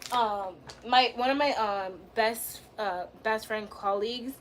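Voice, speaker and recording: Young woman on a livestream, high voice, slangy and teasing, talks to chat. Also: slow, background noise.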